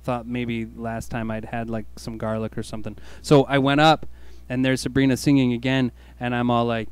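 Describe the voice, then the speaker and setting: A man's voice: mid-range voice, little pitch movement, moderate pace, clear, resonant tone. A man hosting a radio show, telling a jokey, self-mocking story in a laid-back way. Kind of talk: comic storytelling monologue.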